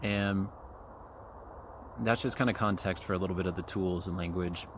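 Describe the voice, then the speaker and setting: Low, gravelly forties man from Kansas City, rambling casual podcast host, profane and full of fillers, faint trail noise behind. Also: fairly even intonation, normal speed. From Kansas City, USA. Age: 40s. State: chewing gum. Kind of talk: casual solo podcast monologue. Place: outdoors on a trail. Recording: faint outdoor background noise.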